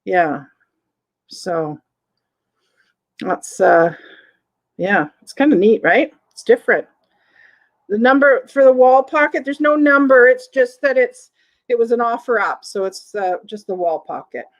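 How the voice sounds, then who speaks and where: A woman's voice: fairly high pitch, unhurried, long pauses, poor audio. A woman with a Southern American accent hosting a live online vintage sale in a chatty way, reading viewer comments aloud between descriptions of items. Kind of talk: live-stream sales chat.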